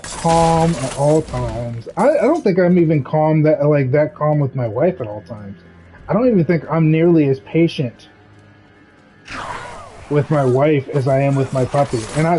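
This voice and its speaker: A man's voice: a little high, lively intonation, a little slow, mellow, low-quality recording. Rambling man ranting over faint music. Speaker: streamer. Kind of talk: casual chat while gaming.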